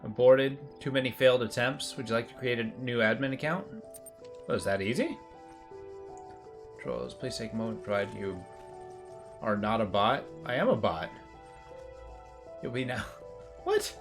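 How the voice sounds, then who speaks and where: A man's voice: mid-range voice, expressive, moderate pace, gravelly, pauses often, soft background music. A man streaming a puzzle game, commenting casually and reading the on-screen text aloud with offhand remarks.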